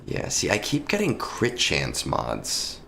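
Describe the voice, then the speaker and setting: Deep-voiced streamer with a lingering cough. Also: male voice, huge pitch swings, takes it slowly, creaky, bright, forceful tone, a little hiss or hum. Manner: rambling and profane, with many restarts and ums. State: lingering cough after illness. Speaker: live streamer. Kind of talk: casual live-stream chat with viewers. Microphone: close-up microphone.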